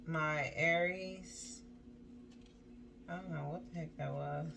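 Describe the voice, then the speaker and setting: A woman's voice: low-pitched, fairly even intonation, takes it slowly, gravelly, background noise. A woman giving a casual spoken tarot reading, reading card text aloud and then riffing on it in a chatty way with lots of "like" and "um". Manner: chatty, loose, full of "like" and "um" asides. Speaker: tarot reader.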